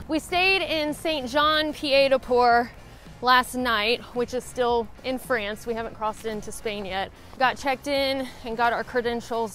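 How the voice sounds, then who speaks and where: A woman's voice: a little high, fairly bright tone. A woman from Alabama with a Southern accent, chatting in a casual vlog while hiking a rural trail. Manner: chatty, upbeat. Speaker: vlogger.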